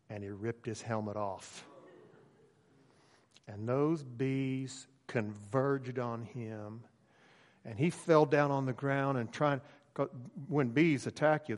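Man preaching in a reverberant hall. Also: mid-range voice. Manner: relaxed storytelling with frequent fillers. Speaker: pastor. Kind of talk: sermon.

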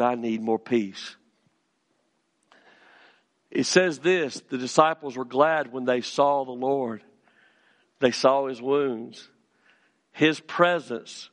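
A man preaching a sermon as pastor in a church, moving from storytelling to fervent, shouted calls to his congregation. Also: mid-range voice, in a large hall. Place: church sanctuary.

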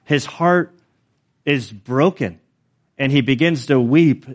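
A man preaching a sermon in a relaxed, conversational way, with light self-deprecating asides. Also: medium pitch, slow pace. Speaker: pastor.

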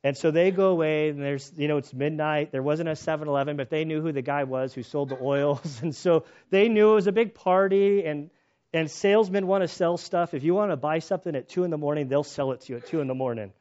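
Animated man preaching, lo-fi sound. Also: on the high side, brisk. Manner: animated, acts out quoted voices, self-interrupting restarts. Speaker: pastor and chaplain. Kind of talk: sermon with personal storytelling.

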